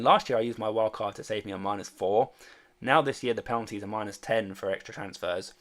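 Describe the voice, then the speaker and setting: A man casually chatting on a livestream, rambling and hesitant with many fillers as he answers viewer questions. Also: lowish voice. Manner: reads and answers viewer chat. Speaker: fantasy sports streamer.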